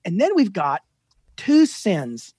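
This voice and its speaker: A man in his fifties with a notably high, husky voice, telling lively, self-deprecating stories as a guest author. The recording is dry and close, with no room sound. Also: slow, no room sound. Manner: animated, self-deprecating storyteller. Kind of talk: casual storytelling interview.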